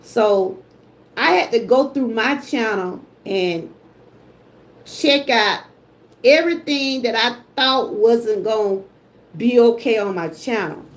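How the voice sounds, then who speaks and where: A woman's voice: fairly high pitch, animated, slow pace. An older woman, chatting emotionally with her live-stream viewers. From Georgia, US. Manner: emotional, talks straight to chat viewers. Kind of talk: casual livestream chat.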